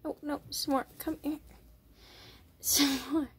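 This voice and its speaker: High-voiced woman coaxing her pet rats. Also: little pitch movement, extremely slow, slight background noise. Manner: coaxing, chatty, giggly. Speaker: pet vlogger. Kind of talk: casual vlog talking to pet rats. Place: indoors at a rat cage. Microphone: phone held up while filming.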